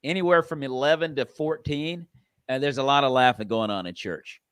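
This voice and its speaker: A chummy male host with a bright, forceful tone chats with his guest in an emphatic way, leaning on "dude" and "man." His voice is close and dry, with almost no room sound. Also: mid-range voice, moderate pace, clear, resonant tone, dry recording. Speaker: show host. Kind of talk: casual interview chat.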